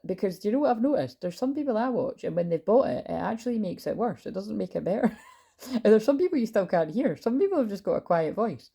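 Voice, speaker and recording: A woman giving a chatty tarot reading, loud and swearing freely, recorded on a camera mic with no lapel mic. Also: mid-range voice, animated, fast talker, vocal fry, husky. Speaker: tarot reader. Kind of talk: casual tarot reading monologue. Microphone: built-in camera mic, no lapel.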